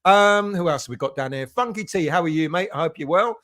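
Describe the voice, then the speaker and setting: A man's voice: fairly high pitch, lively intonation, a little fast, fairly bright tone. A middle-aged man from England hosting a live fan stream, chatting casually and greeting each viewer as mate.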